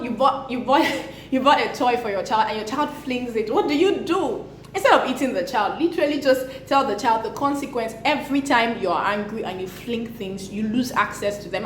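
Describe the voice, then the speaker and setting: A young woman, a parenting vlogger, talking to camera about discipline in an earnest, emphatic way. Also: fairly high pitch. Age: young adult. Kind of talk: casual talk to camera. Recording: echoey room with faint noise.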